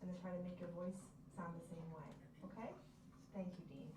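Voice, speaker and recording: A woman's voice: on the low side, flat delivery, brisk. A woman teacher coaching a young child through a picture book in a one-on-one reading conference, patient and encouraging, explaining each step. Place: classroom. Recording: echoey classroom, distant mic, background noise.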